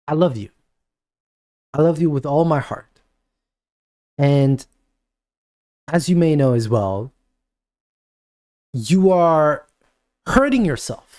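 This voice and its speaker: A man's voice: a little high, very animated, slow pace, long pauses, darkish tone, no echo, studio quality. Guy acting as a worried parent begging his kid to listen, voice rising and dipping a lot, keeps repeating himself. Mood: pleading. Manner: coaxing, insistent, repeats himself. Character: earnest pleading parent talking to a daughter.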